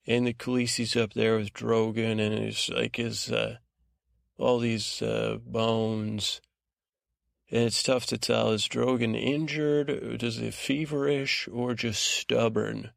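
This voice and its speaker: A man with a heavily gravelly, fry-laden voice drifts through a sleepy bedtime recap, meandering and low-key, stumbling over fillers. His pitch stays flat and monotone. It sounds dry and close, with no room at all. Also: slow pace, no echo. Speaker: podcast host.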